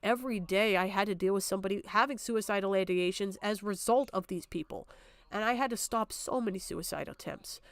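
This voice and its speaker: A woman's voice: mid-range voice, brisk, dry recording. A young adult woman streaming, talking in an upset, tearful way and swearing often, close to crying. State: on the verge of tears. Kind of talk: emotional livestream talk.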